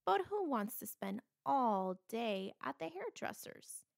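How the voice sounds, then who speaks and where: A woman voicing a curious, adventurous male dog in a children's storybook, speaking in a lively, exclaiming way. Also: on the high side, slow pace, vocal fry, heavily acted.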